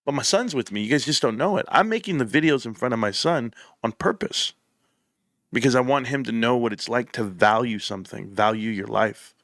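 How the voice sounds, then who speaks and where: Impassioned bright-voiced man ranting. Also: medium pitch, fairly quick, no echo, clean studio sound. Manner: impassioned, growing heated and emphatic, repeats phrases. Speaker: political commentary show host. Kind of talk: opinionated commentary. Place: room set up for the show.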